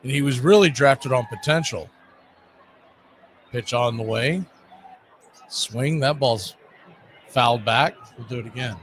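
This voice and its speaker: A man calling live baseball play-by-play in a relaxed, conversational way, with chatty asides between pitches. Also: measured pace, pauses often, slight background noise. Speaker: play-by-play announcer.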